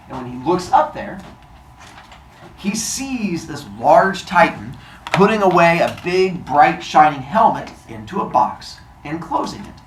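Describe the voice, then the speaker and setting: An animated male teacher tells a myth to his class in a casual, joking way and keeps dropping in asides. His pitch swings widely as he talks. He is recorded from a distance in an echoey classroom, with faint noise behind him. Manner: animated, jokey retelling with asides. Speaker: teacher and storyteller.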